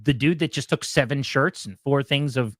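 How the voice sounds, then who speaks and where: At normal speed, a man on the radio casually tells a lively story, voicing other people in loud, high-pitched bursts. The studio-quality recording is dry.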